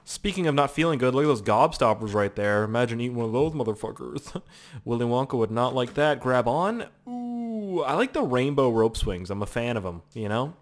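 Excitable, swearing young gaming host. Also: male voice, mid-range voice, a little fast. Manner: excitable, swears a lot, hums little tunes. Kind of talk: let's play commentary.

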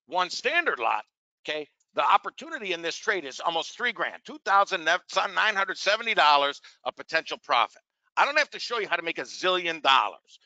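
Bright, animated man pitching a trading webinar. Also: no echo, lo-fi sound. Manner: energetic and salesy, keeps asking rhetorical questions and calls listeners "gang". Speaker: trading educator. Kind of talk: live webinar demo and sales pitch.

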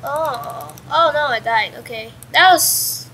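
A young woman talking through her own game in a high, bright voice. She speaks at an unhurried pace, rambling between sudden excited yelps and mild curses. It is casual let's-play chatter from home. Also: a little hiss or hum, low-quality recording. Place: at home with a pet dog nearby.

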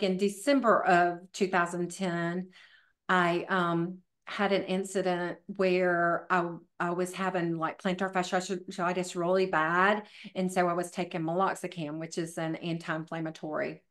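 A middle-aged woman, a fitness professional appearing as a podcast guest, tells her story in a relaxed interview. Her voice is lowish and flat, her pace unhurried, and her chatty telling is full of fillers.

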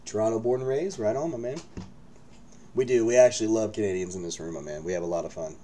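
A man's voice: fairly low pitch, fast talker, warm tone, slight background noise. A man hosting a live card-break stream from his break room, hyping the pulls and bantering with viewers. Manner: hyped, joking banter with viewers.

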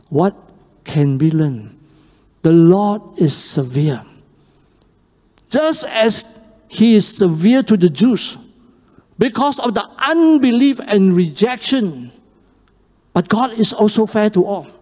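Pastor, sermon, slow delivery, mellow tone, animated loud-to-hushed swings, long church reverb. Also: mid-range voice. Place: church sanctuary. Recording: long reverb of a church hall on a live stream.

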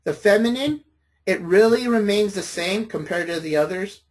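A man's voice: high voice, moderate pace. A man lecturing a college class, patient and friendly, often checking in with his students.

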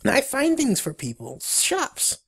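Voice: huge pitch swings, a little slow, gravelly, slightly rough, heavily acted. A player voicing a small, friendly male beaver who eagerly offers to find things for people in a game. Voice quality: high squeaky voice. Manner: eager, chirpy.

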